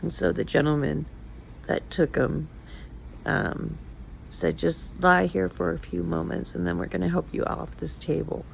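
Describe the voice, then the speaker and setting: A woman's voice: deep voice, big pitch swings, a little slow, vocal fry, a little hiss or hum, poor audio. An older woman talking casually in a personal vlog, emotional and rambling as she confides in her viewers. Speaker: vlogger.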